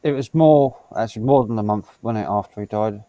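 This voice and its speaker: A man streamer in casual banter, talking haltingly with many fillers. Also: lowish voice, muffled recording.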